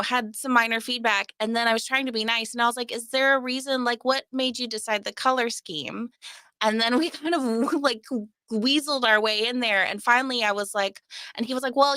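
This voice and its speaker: Woman co-host, bright slightly raised voice with vocal fry, lively giggly storyteller, dry close sound. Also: fairly high pitch, dry recording. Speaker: show co-host. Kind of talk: casual live-chat banter.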